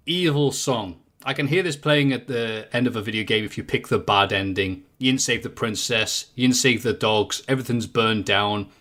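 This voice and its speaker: A man with a British accent, a podcast guest talking music in casual chat, jokey and animated as he tells his take. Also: medium pitch.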